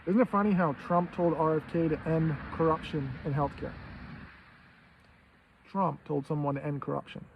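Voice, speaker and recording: Man in his fifties, raspy fry, slightly raised pitch, rambling rant on a muffled, low-fi track. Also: fairly even intonation, moderate pace, slight background noise. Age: 50s. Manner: profane, rambling, rhetorical questions. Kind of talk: casual ranting monologue. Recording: dull lo-fi sound.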